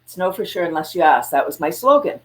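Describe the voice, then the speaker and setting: Talking fast in a lowish voice, a woman entrepreneur appears as a guest on a video call. The interview chat is casual, and she tells stories animatedly, acting out quotes with laughter.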